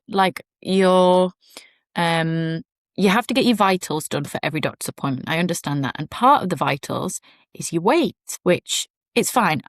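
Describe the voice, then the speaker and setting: A woman's voice: on the low side, dry recording, clean studio sound. A young woman podcast host telling a personal story in a chatty, rambling way with asides.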